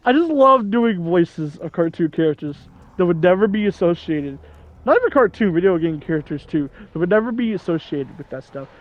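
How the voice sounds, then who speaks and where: A young man in his twenties hosts a gaming channel, giving casual let's-play commentary in a high voice with lively intonation at a brisk pace. He rambles and laughs at his own jokes, and the recording has its highs cut off.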